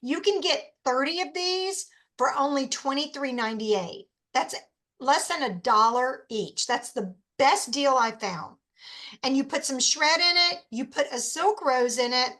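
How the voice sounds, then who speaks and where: A woman talks through a casual how-to presentation in a high, bright voice. She is chatty and enthusiastic and drifts into rambling asides. Her voice is a little hoarse from talking so much. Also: lively intonation, measured pace. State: losing her voice. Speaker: host.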